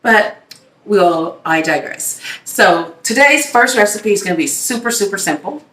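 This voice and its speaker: In her home kitchen, a woman hosts a casual cooking demo, chatting upbeat and directly to viewers. Her medium-pitched voice is animated, unhurried and a bit bright, picked up by a distant mic in an echoey room.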